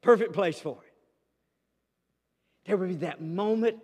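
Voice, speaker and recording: High-pitched pastor man preaching, storytelling style, big echoey church hall sound. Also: measured pace, husky. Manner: storytelling preacher, dramatic swings between loud and hushed. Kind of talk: sermon.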